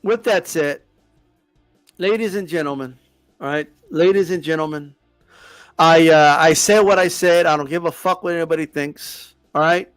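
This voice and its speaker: A man's voice: a little high, moderate pace, clean tone, dry recording, soft background music. A man hosting a boxing channel, ranting to the camera with heavy swearing and lots of repetition. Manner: profane, heated, repeats himself.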